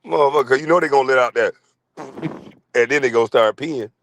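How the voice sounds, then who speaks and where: A middle-aged man streaming a profane comic rant, crude, loud and laughing often. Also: mid-range voice, fast talker, slight background noise.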